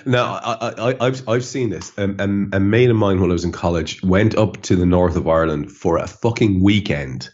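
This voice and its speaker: A man's voice: low voice, moderate pace, hardly any pauses, darkish tone, muffled recording. A man hosting a casual podcast chat, swearing freely and laughing often as he talks. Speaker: podcast host.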